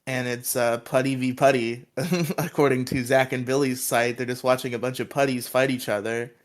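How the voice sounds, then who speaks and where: A man's voice: medium pitch, flat delivery, normal speed. A man co-hosting a podcast, recapping a TV episode in a rambling, giggly way with lots of fillers. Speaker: podcast co-host.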